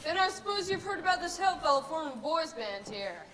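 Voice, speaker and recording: Gruff, scornful traveling salesman; sharp-toned, distant old film sound. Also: very high voice, very animated, brisk, some chatter behind, heavily acted. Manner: blunt, scornful.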